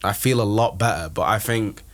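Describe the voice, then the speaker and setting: Young guy on a podcast talking fast, lots of likes, pretty open. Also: fairly low pitch, a bit bright. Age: young adult. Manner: open, talkative, many "like" fillers. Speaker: podcast guest, philosophy student. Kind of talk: casual chat.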